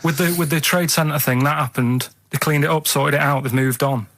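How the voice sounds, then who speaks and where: A man's voice: a little high, fairly even intonation, a little fast, fairly bright tone. A man on a radio show, chatting casually and telling rambling, earnest stories.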